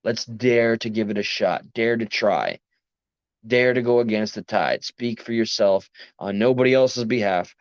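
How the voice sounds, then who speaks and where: Late at night and worn out after a long workday, a livestream host with a New York accent rants to his chat, rambling earnestly and interrupting himself. His lowish voice is a little slow, and the recording is dry, dull, and lo-fi.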